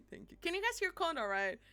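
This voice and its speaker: A young woman streaming live, chatting casually and animatedly, laughing and apologizing a lot and squealing when excited. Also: very high voice.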